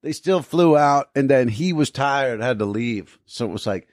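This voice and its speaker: A man in loose, casual podcast chat, spinning long anecdotes and slipping into the voices of the people he quotes. His voice sits at a middling pitch. The sound is dry and close, with no room around it. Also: lively intonation, moderate pace, no echo. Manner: rambling storyteller, acts out quoted people. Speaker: podcast co-host.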